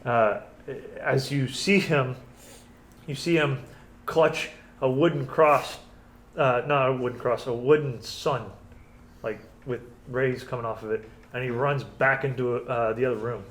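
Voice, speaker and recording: A man's voice: medium pitch, fairly even intonation, measured pace, a bit bright. A man running a tabletop game as game master, reading scene descriptions and correcting himself as he goes.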